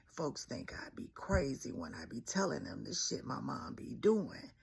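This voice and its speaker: A woman's voice: sits low, lively intonation, a little slow, vocal fry, a little mellow, a little hiss or hum. A young woman from Mississippi, telling a personal story in a candid, emphatic way.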